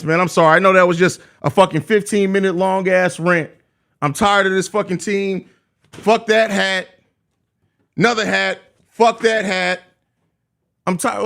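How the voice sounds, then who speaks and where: A man's voice: sits high, a bit bright. A young man with a Chicago accent hosting a live postgame show, ranting heatedly and cursing. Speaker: podcast host.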